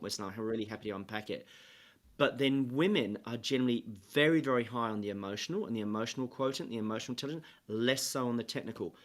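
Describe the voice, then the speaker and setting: A man, a sales trainer, talking as a podcast guest in a measured, explanatory way with frequent fillers. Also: medium pitch. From England. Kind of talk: interview conversation.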